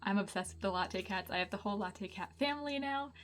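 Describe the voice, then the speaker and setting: A woman's voice: mid-range voice, fast talker, fairly bright tone. Chatty young woman giving a sketchbook tour. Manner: chatty, bubbly, lots of ums and giggles. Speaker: artist vlogger.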